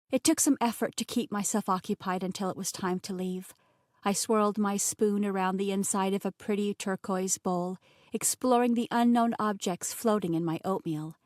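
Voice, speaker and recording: A woman narrating a fantasy romance audiobook in an expressive, scripted style, recorded close and dry. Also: mid-range voice, no echo. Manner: expressive, voices the characters.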